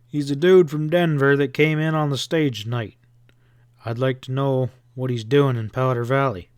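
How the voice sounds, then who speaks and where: A man reading a calm frontier sheriff. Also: medium pitch, clean tone, no room sound, clean studio sound, natural voice. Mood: steady. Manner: quiet, measured.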